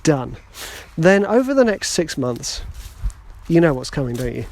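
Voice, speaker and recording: A man hosts his own podcast in a relaxed, chatty monologue. He rambles along and is quick to laugh at himself, in a voice that sits a bit higher than most men's. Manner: rambling, chatty, self-deprecating. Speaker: podcast host.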